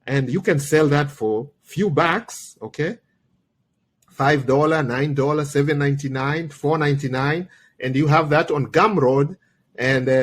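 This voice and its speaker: A man hosting a live trading tutorial, slightly worn from a recent cold, chatty and checking in with listeners constantly. He speaks English as a second language. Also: fairly high pitch. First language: not English. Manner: chatty, peppers talk with "okay?" and "guys". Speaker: trading coach and livestream host.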